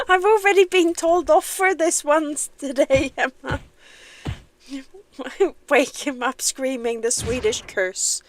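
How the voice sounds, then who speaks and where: A woman's voice: high-pitched, slow pace, long pauses, slight background noise. A young woman casually chatting on a game livestream, self-deprecating and laughing often. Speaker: game streamer.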